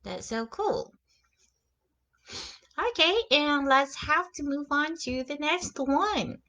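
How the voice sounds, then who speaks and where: A young woman teaches English words in a relaxed, unhurried lesson. Her voice sits a little high and moves through a wide, animated pitch range. She says each new word and example sentence again, now and then gasping or exclaiming for effect. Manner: slow, repeats example words and sentences aloud. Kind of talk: casual vocabulary lesson.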